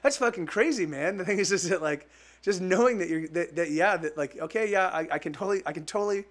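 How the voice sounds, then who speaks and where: A man musician on a live stream, talking haltingly between songs, choked up and full of restarts. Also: sits high. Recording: guitar music behind.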